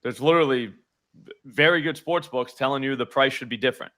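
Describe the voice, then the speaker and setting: A man hosting a live sports betting show, explaining his picks in fast, animated casual talk full of filler words. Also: medium pitch.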